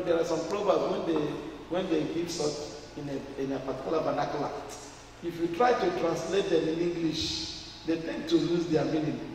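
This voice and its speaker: A man with a Nigerian accent preaching a sermon in call-and-response style, rising to shouts. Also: on the high side, a little hiss or hum. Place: church. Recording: echoey church hall, mic far off.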